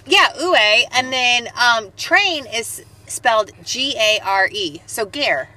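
A woman's voice: on the high side, lively intonation, slow pace, pushed and bright, poor audio. A woman co-hosting a podcast, chatting casually and rambling through a story. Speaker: podcast co-host. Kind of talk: casual chat.

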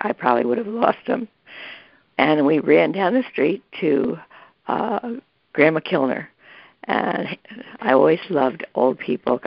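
Older woman, gravelly voice, rambling family storytelling, many restarts, dry muffled recording. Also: deep voice, dry recording. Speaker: interviewee recalling family history. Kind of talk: casual storytelling.

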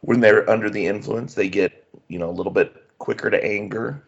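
A man's voice: lowish voice, steady tone, a little fast, gravelly, breathy edge. A man thinking aloud in a casual Bible study discussion, in a conversational, musing way. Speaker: Bible study group member. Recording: dull lo-fi recording.

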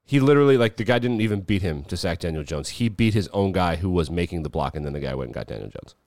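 Podcast host, male, deep voice, blunt and sarcastic sports chat. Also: lively intonation, fast, darkish tone, no echo, clean studio sound. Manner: blunt and mocking. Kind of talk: casual sports commentary.

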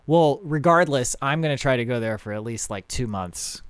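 A young man hosting a casual podcast chat, animated and quick to laugh. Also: mid-range voice, smooth, no room sound. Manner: animated, laughs often, wraps up the show. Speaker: podcast host.

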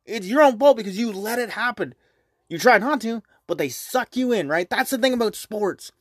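Man, young adult, high-pitched, dry sound, rambling, swearing, casual podcast monologue. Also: lively intonation, normal speed, no echo. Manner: rambling, swears often, many fillers. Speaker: podcast host.

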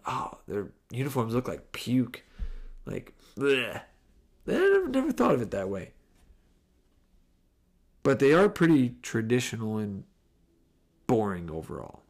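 A man hosting a podcast in casual Q&A, rambling, breaking off mid-sentence and laughing easily. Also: medium pitch. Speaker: podcast host.

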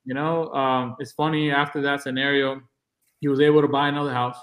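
A man's voice: medium pitch, little pitch movement, brisk, a bit bright. A man guest on an interview podcast, casually telling stories in a blunt, to-the-point way and acting out the dialogue. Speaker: podcast guest, real estate agent.

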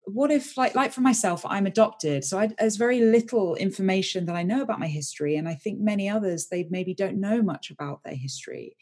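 Mellow-voiced woman podcast host. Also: medium pitch, animated, fairly quick, hardly any pauses. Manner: attentive, reflective questions with short affirmations. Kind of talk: interview.

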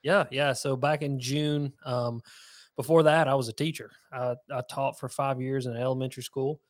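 A man's voice: medium pitch, fairly even intonation, normal speed, dry recording, clean studio sound. A man with a Southern US accent, a guest on a podcast, chatting and joking in a rambling way. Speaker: guest, fishing content creator. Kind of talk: casual interview chat.

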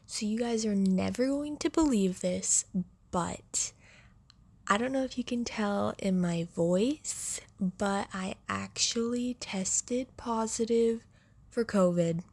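Young female segment host, sick voice, slow filler-heavy delivery, dry recording. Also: medium pitch, gravelly, darkish tone, husky, no echo. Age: young adult. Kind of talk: casual monologue.

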